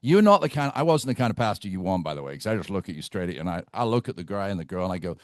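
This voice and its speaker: A man's voice: sits low, sing-song, very fast, hardly any pauses, dry recording, clean studio sound. Blunt middle-aged man running team training. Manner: blunt, storytelling, asks "right?" often. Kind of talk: live team training talk. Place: meeting room with a group.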